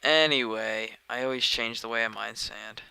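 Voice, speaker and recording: A man's voice: mid-range voice, normal speed, gravelly, pushed and bright, smooth, no echo, low-quality recording. A man live-streaming a game, chatting casually and rambling, often sidetracked mid-sentence, recorded at home on a dedicated microphone. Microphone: dedicated desk microphone.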